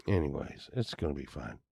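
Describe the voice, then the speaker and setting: A man's voice: extremely low pitch, vocal fry, dark tone, husky, lo-fi sound. A man rambling casually as he browses items online, grumbling and swearing now and then. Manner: meandering, grumbling asides, occasional swearing. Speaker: vlogger.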